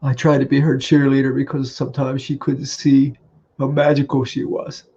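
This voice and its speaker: A man giving a halting, tearful memorial tribute on a video call, laughing through his grief. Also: mid-range voice, monotone, dark tone, breathy edge, dull audio. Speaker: grieving husband sharing memories.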